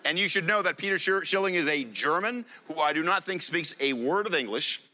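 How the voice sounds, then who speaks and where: Male conference presenter, lively and jokey, bright voice, lots of pitch swing. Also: fairly quick. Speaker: conference speaker. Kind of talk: live presentation to an audience.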